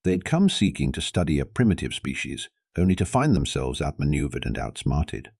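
A man narrating a science fiction story in a steady, dramatic storytelling manner. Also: a bass voice, a little fast, gravelly, husky, no echo, studio quality.

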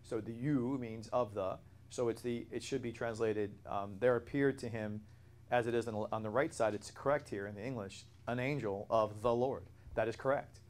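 A man's voice: medium pitch, steady tone, normal speed, a little mellow. A man leading a Bible study class, explaining in an earnest way with frequent restarts and self-corrections.

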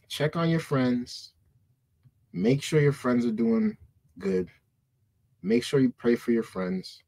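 A man hosting a reaction video, commenting in an animated, joking way. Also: medium pitch, slow, gravelly, long pauses.

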